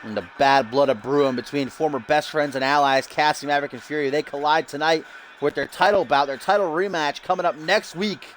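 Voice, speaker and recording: A man's voice: on the high side, fairly even intonation, fairly quick, fairly bright tone, a little hiss or hum. A man streaming a game, giving hyped-up, loose wrestling-show commentary full of casual asides. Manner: upbeat hype, loose and casual with frequent "uh".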